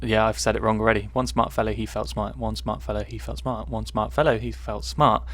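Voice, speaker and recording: A man's voice: lowish voice, fairly even intonation, brisk, a crowd in the background. Cornish man, playful casual chat. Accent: Cornish English. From Cornwall, England. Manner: playful, stumbling through tongue twisters. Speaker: livestream co-host.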